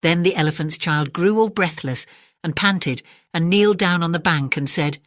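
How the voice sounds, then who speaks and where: A woman reading a bedtime story aloud in a calm, measured way, turning to the listener now and then. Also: on the low side, dry recording, clean studio sound.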